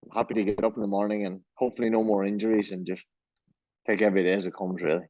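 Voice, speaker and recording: Easygoing Irish jockey on a dull call line. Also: male voice, fairly low pitch, little pitch movement, racing, darkish tone, no echo. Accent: Irish, Donegal. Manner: easygoing, rambling, self-deprecating, many restarts. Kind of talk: remote interview, casual chat.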